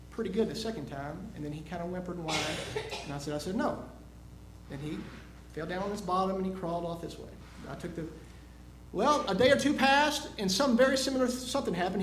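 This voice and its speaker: High voiced preacher man, tells a story then gets loud and emphatic, echoey church sound. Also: a little hiss or hum. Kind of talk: sermon.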